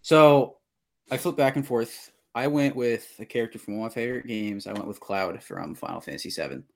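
Young guy rattling off fast on a podcast, stumbles and repeats himself a lot. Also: mid-range voice, creaky. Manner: fast, halting, repeats words. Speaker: podcast co-host. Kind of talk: casual chat.

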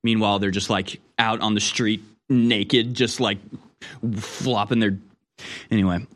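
A man's voice: on the low side, steady tone, measured pace, fairly bright tone. A man hosting talk radio, reading news and mocking it with sarcastic commentary that often trails off.

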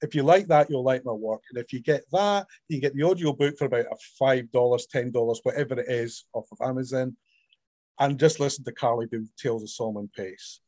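A man's voice: medium pitch, brisk, dry recording. A middle-aged man from Scotland with a Scottish accent, an author chatting animatedly in an interview. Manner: animated storyteller, acts out quoted voices. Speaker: author guest. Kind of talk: casual interview chat.

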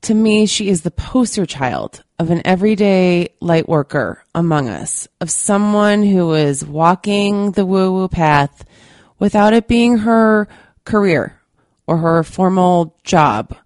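A woman's voice: lowish voice, animated, slow, darkish tone, no room sound, clean studio sound. A woman hosting a podcast, talking candidly and earnestly to her listeners, still a little stuffy from a cold. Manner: candid and earnest, with many fillers. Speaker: podcast host. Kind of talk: casual monologue to listeners.

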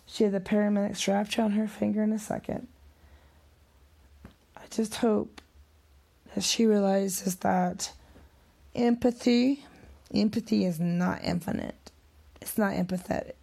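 A woman's voice: medium pitch, little pitch movement, measured pace, gravelly, pauses often, mellow. A middle-aged woman talking in an emotional, rambling vlog monologue, sometimes dropping to a whisper.

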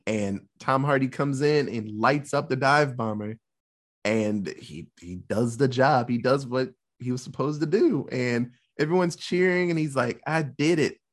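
A man's voice: medium pitch, measured pace. A man casually retelling a war film's plot, swearing freely and jokingly acting out the characters' lines. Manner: profane, jokey, animated retelling with put-on quotes. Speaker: podcast co-host recapping a film. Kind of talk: casual chat.

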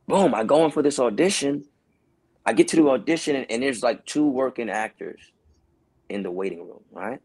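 A man with a New York accent, a podcast guest and actor, telling a story casually and acting out the dialogue with lively, shifting voices. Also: mid-range voice, normal speed, breathy edge. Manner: animated, acts out quoted dialogue in shifting voices.

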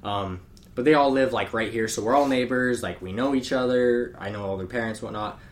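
A man's voice: medium pitch, brisk, slight background noise. A young man co-hosting a podcast, chatting casually in a laid-back, slangy way and laughing often. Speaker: podcast co-host. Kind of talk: casual chat.

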